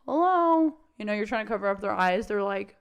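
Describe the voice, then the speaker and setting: A woman's voice: medium pitch, level tone, quick pace, clean tone. A young adult woman dog trainer talking casually on a podcast, swearing freely and acting out the voices of dogs and owners.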